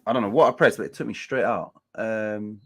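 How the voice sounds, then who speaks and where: Hosting a laid-back match-day livestream, this slightly low-voiced man keeps things brisk, cursing freely and chatting loosely. He breaks off now and then to read chat messages and other results aloud.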